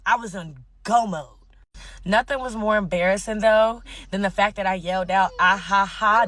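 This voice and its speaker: A woman's voice: medium pitch, sharp tone. A young woman telling a wild personal story in casual, profane slang, laughing often. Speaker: guest telling her story. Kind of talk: animated storytelling.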